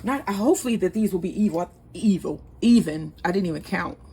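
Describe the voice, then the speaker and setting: This woman's voice sits on the low side, expressive and brisk, with a warm tone and a breathy edge. Hosting a home cooking vlog, she chats casually, rambles, and laughs easily.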